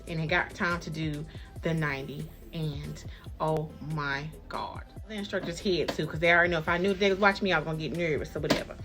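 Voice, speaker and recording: A woman vlogger telling a casual story, acting out the people in it with big jumps in pitch. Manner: animated, acts out quotes with big jumps in pitch.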